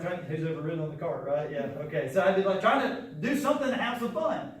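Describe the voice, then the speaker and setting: Echoey far-off man teaching small kids. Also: high-pitched. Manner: playful, coaxing, has children repeat words. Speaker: martial arts instructor visiting a school. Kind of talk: call-and-response lesson for young children. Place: large school room with children. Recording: echoey room recorded from far off with children behind.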